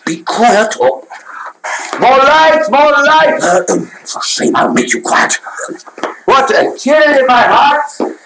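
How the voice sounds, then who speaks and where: A man's voice: extremely high pitch, lively intonation, slow, creaky, background noise, exaggerated voice. An actor playing Lord Capulet, a stern older host who scolds his hotheaded nephew in a commanding tone. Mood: angry, scolding. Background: film score music.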